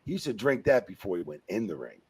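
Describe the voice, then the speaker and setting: A man's voice: fairly low pitch, big pitch swings, fast. A man, a retired wrestling referee telling stories in a casual interview, rambling and profane, full of "you know" and "man.".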